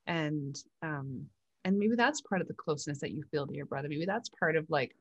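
Woman host, low-pitched, soft and reflective, dry close sound. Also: a little fast, husky, no echo, dull audio. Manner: gentle, reflective, searching for words. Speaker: podcast host. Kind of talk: empathetic conversational interview.

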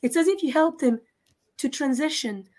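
A woman giving a live mediumship reading, halting and often stopping to check in with questions. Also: sits high, expressive, a little mellow. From France. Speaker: psychic medium.

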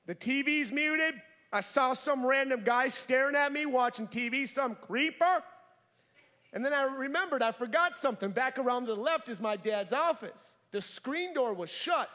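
Long reverb trails behind a young preacher whose voice is very high-pitched and paced normally. During his church sermon he relates a personal story, vividly acting out the characters' voices.

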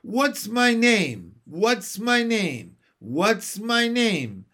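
A man voicing a cheeky, chatty old male starling with a shrill, wheedling manner in a storybook reading. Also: sing-song, takes it slowly, heavily acted. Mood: anxious.

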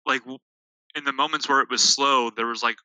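Bright-voiced young man chatting films. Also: mid-range voice, steady tone, fairly quick, dry recording, rough recording. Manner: stammering restarts, acting out quoted dialogue. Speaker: movie reviewer. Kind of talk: casual chat.

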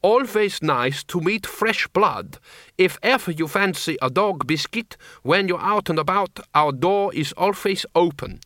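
A man voicing a fussy, genteel middle-aged woman who plays at being a vampire countess, gracious but quick to snap. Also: high voice, animated, fairly bright tone, no room sound, clean studio sound, voice pushed up. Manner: genteel, then snappish.

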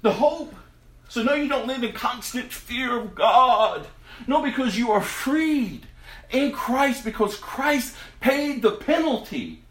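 A man preaching a sermon to his congregation, impassioned and dramatic, dropping to a hush and then rising to a loud cry. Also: very high-pitched, expressive, takes it slowly, roomy sound. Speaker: pastor.

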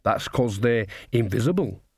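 A man's voice: medium pitch, animated, moderate pace, darkish tone, breathy edge, dry recording, studio quality. A man reading an audiobook, voicing a cheerful, earthy old witch woman with a chatty, folksy way of talking.

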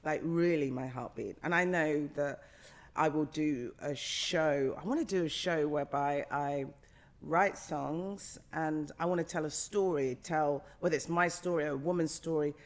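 This middle-aged actor, appearing as a guest in a casual interview chat, has a low-pitched voice and speaks at a normal speed. She talks with passion and emphasis, repeating phrases to drive her points home.

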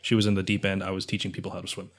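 A man's voice: low voice, completely flat delivery, racing. A young man co-hosting a casual podcast chat, rambling with lots of filler words. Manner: rambling, heavy use of filler "like". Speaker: podcast co-host.

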